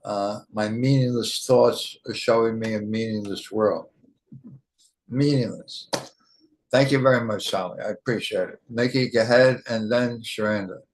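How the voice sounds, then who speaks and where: A man leading a spiritual study group in a gentle, measured way, thanking each speaker in turn. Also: fairly low pitch, fairly even intonation, a little hiss or hum, poor audio.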